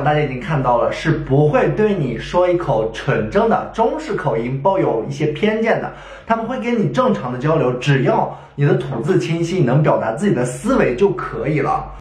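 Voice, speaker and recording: A man hosting a vlog, narrating in an encouraging, advising way, recorded in an echoey room. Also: a little high. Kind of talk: voice-over commentary.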